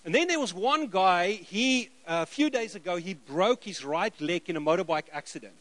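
A middle-aged South African man preaching, telling lively stories and acting out the dialogue. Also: sits high, a little fast, few pauses. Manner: lively anecdotal, acts out dialogue, chuckles. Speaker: missionary preacher. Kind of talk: sermon storytelling.

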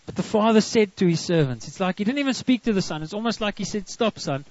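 A man's voice: sits high, animated, quick pace, a little mellow, no echo. A South African man preaching a sermon as pastor, counting off his points and dropping into homely family stories. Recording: dull lo-fi recording.

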